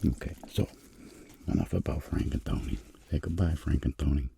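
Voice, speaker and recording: A man giving soft-spoken ASMR narration in a rambling, jokey way with whispered asides. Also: rumbling low, normal speed, vocal fry, a little hiss or hum. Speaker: ASMR creator.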